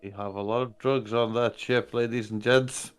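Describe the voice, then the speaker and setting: A man's voice: mid-range voice, fairly even intonation, moderate pace, smooth, faint music behind. A man playing a tabletop game, amused, narrating what his character does. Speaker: player. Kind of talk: casual tabletop play.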